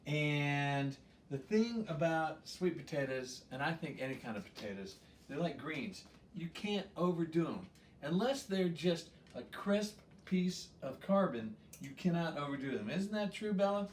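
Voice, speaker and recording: A man's voice: fairly high pitch, lively intonation, a little slow, slight background noise. A man hosting a home cooking show, walking through a recipe in an easygoing, rambling way with plenty of um fillers and chuckles. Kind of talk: casual cooking demonstration. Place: home kitchen. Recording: roomy kitchen, mic at a distance.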